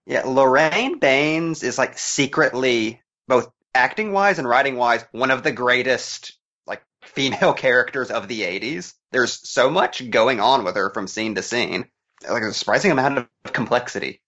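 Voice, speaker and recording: A man co-hosting a podcast, analyzing a film in a casual, animated way and laughing often. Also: mid-range voice, normal speed. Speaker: podcast co-host. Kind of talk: casual movie commentary chat. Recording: dull lo-fi sound.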